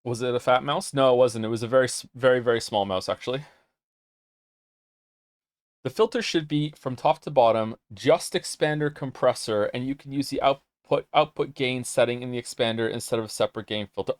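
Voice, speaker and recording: A young man with a mid-range voice streams and chats loosely with his viewers, speaking briskly. He rambles, reads their messages aloud, and sometimes gets flustered, all in studio-quality sound with no room noise.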